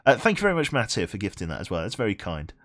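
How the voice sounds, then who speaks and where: A young man with a Birmingham accent talks to his viewers as he plays, his voice rising and falling in an animated way. He swears freely, laughs at himself and keeps the chat loose and casual. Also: lowish voice, rapid-fire. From England. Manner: chatty and self-mocking, swears freely, laughs often. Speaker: game streamer. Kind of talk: casual live-stream chat while playing.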